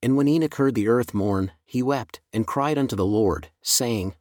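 A man giving a solemn, measured, unhurried scripture reading. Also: medium pitch, darkish tone, no room sound, clean studio sound. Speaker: scripture reader.

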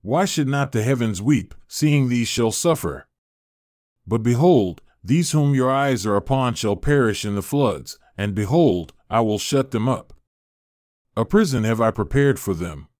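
A man voicing God as a stern, sorrowing eternal deity in a scripture reading, in grave, measured declarations. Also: mid-range voice, expressive, a little mellow, dry recording, studio quality, lightly acted.

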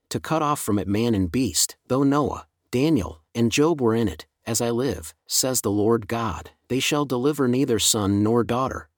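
Man giving a measured scripture reading. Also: mid-range voice, no room sound, studio quality. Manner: measured, slows on solemn refrains. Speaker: Bible reader.

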